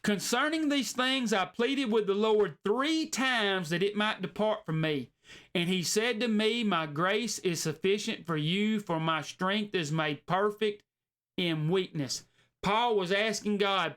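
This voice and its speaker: A man preaching a sermon in an earnest, folksy way, slowing down to stress his points. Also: high-pitched, a bit bright. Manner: folksy, earnest, slows down for emphasis.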